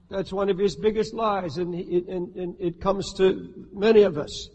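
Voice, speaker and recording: A man's voice: high voice, steady tone, unhurried, few pauses, darkish tone, in a large hall. A pastor preaching an emphatic sermon from the pulpit, firing rhetorical questions at his congregation. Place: church sanctuary with a congregation.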